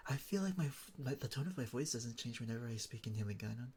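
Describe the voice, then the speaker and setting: A man's voice: mid-range voice, lively intonation, fast talker, a little mellow. A young man from the Philippines, chatting casually with his stream chat, thinking aloud with lots of fillers.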